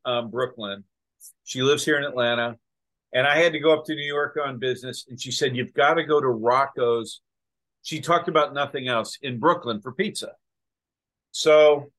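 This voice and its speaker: A man hosting a casual talk show, telling stories in an animated way and acting out quoted voices. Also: mid-range voice. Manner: animated storyteller, acts out quotes. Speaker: podcast host. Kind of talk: casual storytelling chat.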